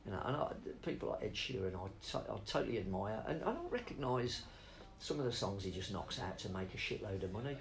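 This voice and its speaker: A man's voice: on the low side, sing-song, quick pace, hardly any pauses, rough recording. A middle-aged man rambling off on tangents in a casual interview, swearing freely as he talks about spoken word.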